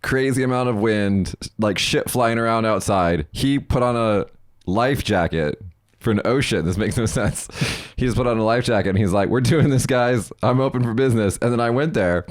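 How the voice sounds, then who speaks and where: A man's voice: on the low side, normal speed, no echo, clean studio sound. A young man from Las Vegas hosting a podcast, chatting casually, rambling and swearing freely. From Las Vegas, United States. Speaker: podcast host. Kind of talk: casual chat.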